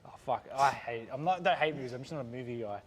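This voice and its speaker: Fast-talking Australian man telling stories. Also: medium pitch, big-room sound, faint music behind. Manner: fast, animated anecdotes with swearing. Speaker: professional wrestler, guest. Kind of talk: casual storytelling chat.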